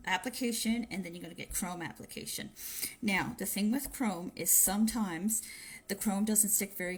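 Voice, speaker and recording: A woman's voice: on the low side, slight background noise. A woman chatting her way through a live-streamed nail polish tutorial on her phone, giving tips with friendly asides. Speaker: nail tech demonstrating polish application.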